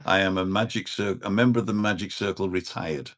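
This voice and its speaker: A man in his sixties talks as a podcast guest. His very low voice carries a dry, deadpan wit, delivered plainly and without fuss. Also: a little fast. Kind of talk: casual chat.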